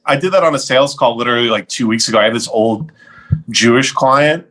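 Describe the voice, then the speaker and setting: A man co-hosting a comedy podcast, riffing quickly with his friends. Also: medium pitch. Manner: animated, quick riffing banter. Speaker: podcast co-host. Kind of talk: casual comedic chat.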